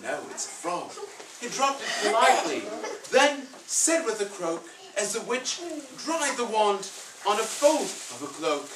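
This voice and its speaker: A woman reads a picture book aloud to children, playful and inviting them to join in. Her medium-pitched voice is very animated but unhurried, recorded far from the mic in a noisy, echoey room.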